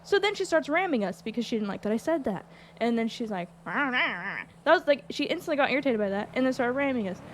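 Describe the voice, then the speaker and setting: A woman with a fairly high voice tells a story in casual chat. She sounds animated and exasperated and swears often. Faint noise sits under her voice. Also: quick pace. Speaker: streamer recounting a roleplay.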